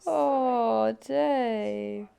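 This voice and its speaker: A young woman co-hosts a podcast in casual chat, telling stories animatedly and laughing often. Her voice comes across smooth and clear. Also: on the high side, drawn-out words, highs cut off. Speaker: podcast co-host.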